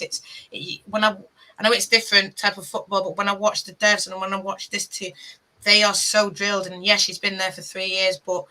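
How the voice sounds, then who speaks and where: A woman's voice: medium pitch, sharp tone, rough recording. A woman co-hosting a fan podcast, talking in a passionate, rambling, exasperated way. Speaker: podcast co-host. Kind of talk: casual chat.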